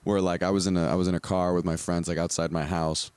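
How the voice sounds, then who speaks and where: Young male podcast host, deep voice, casual and giggly, slightly drunk, dry sound. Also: quick pace, clean tone, no room sound. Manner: laughs often, excitable, swears casually. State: out of breath, tipsy. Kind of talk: casual chat.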